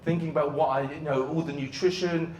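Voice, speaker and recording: Keynote: male motivational speaker, fairly high, animated storyteller, roomy hall sound. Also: brisk, recorded from a distance, muffled recording, slight background noise. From Great Britain. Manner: animated, dramatic storytelling with bursts of shouting. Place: large event venue. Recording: echoey venue hall.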